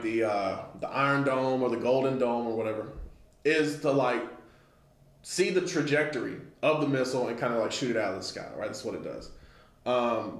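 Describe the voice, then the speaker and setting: A man giving a laid-back Bible lesson at a middle pitch, reading old scripture slowly and with weight. Between readings he talks casually and keeps asking "right?" to check in with his listeners. The room around him rings with a noticeable echo. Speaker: Bible teacher.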